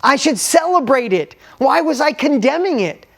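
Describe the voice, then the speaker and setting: A man's voice: very high voice, sing-song, moderate pace, fairly bright tone. A man delivers a motivational storytelling talk to an audience. He speaks candidly and bluntly, swears casually, and lets his emotion show. He keeps urging his listeners to take notes.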